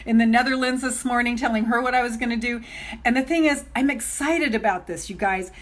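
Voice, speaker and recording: Middle-aged woman, life coach, chatty live stream to followers, bubbly and keyed up, a bit high-voiced. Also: a little fast. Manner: gushing, excitable, laughs often, talks straight to viewers. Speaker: self-love coach hosting a live stream.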